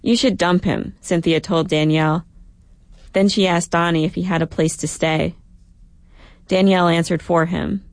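A woman narrating a story in an even, reflective manner. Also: fairly low pitch, moderate pace, long pauses, no echo. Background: music.

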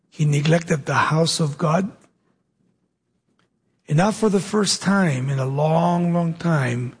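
A man preaching a sermon, telling the story with dramatic pauses and acting out the dialogue in his own voice. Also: fairly high pitch, creaky, husky.

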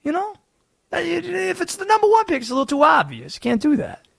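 A man putting on a Southern accent to play an excitable conspiracy-theorist sports pundit on a radio show. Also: very high voice, creaky, dry recording, pitched above the performer's own voice, full character voice. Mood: insistent. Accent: American Southern. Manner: fast-talking, drawling, wheedling. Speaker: radio host.

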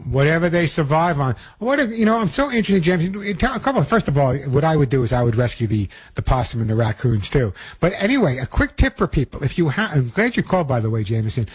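A middle-aged man with a New York accent hosts a call-in pet radio show. His husky, slightly high voice rolls along in an upbeat, chatty way full of restarts and asides. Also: very animated, fast, hardly any pauses.

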